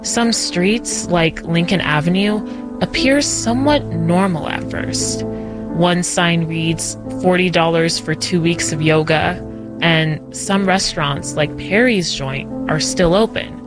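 A woman reporter giving clear, steady news narration. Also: fairly low pitch, slow pace, over music.

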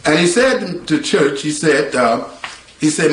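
A man, a guitarist from North Carolina, telling his life story in a lively, colloquial way. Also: on the high side, measured pace, slight background noise. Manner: colloquial, lively, acts out voices with laughter. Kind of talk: animated spoken storytelling. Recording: roomy sound with faint guitar behind.

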